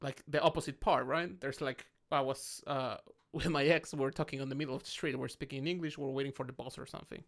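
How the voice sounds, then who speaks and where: A man's voice: medium pitch, quick pace, creaky, few pauses. A man from Mexico with a Mexican accent, co-hosting a casual podcast chat over drinks and acting out the people in his stories. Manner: animated storytelling, acting out quoted people. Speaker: podcast co-host.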